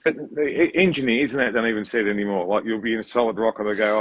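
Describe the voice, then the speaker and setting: A man's voice: on the low side, fast talker, few pauses, no room sound, low-quality recording. An Australian earthmoving contractor guesting on a podcast, talking bluntly and swearing freely while acting out his clients. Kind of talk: casual podcast chat.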